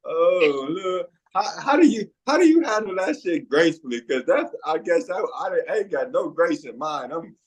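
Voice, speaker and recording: Loud, laughing profane man in his forties. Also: fairly high pitch, moderate pace, few pauses, husky, poor audio. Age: 40s. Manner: profane, animated storytelling with frequent laughter. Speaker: podcast co-host. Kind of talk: casual chat.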